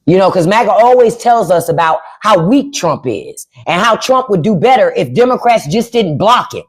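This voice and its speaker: A woman's voice: medium pitch, expressive, normal speed, slightly rough. A woman hosting a livestream, ranting with sarcastic, profane commentary. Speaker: livestream host. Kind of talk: casual livestream rant.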